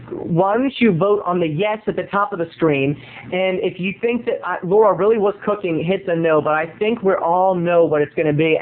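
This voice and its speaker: A man's voice: high voice, narrow, tinny audio. A man video blogging from home into his camera, telling a gossipy comic story in a theatrical, playful manner. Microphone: home camera mic.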